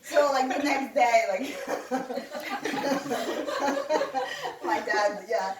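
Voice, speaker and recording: A woman with a high voice and drawn-out words tells comic stories casually, laughing often and acting out her family's voices. The sound is roomy, from a distant mic, with faint noise.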